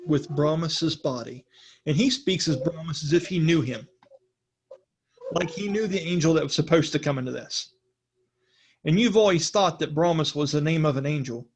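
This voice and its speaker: A game master narrating a tabletop role-playing session in a relaxed, conversational way, asking players for rolls. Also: mid-range voice, a little hiss or hum.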